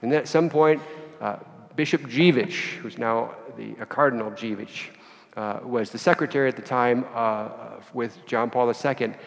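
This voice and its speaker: A man giving a sermon, telling a story with acted dialogue in an animated way. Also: medium pitch, moderate pace, creaky. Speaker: priest. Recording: long reverb of a church hall.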